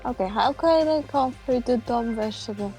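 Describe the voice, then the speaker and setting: A woman's voice: a little high, normal speed, dark tone, faint music behind, rough recording. A woman co-hosting a game playthrough, bossy and teasing, mock-insulting her partner between reading lines. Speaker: let's play co-host. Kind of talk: casual game chat, reading character lines aloud.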